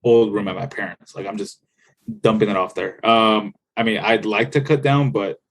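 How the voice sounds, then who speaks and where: A man's voice: on the low side, steady tone, normal speed, a little hiss or hum. A young man from the United States, a podcast guest, talking in a laid-back, rambling way with lots of fillers and swearing. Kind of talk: casual chat.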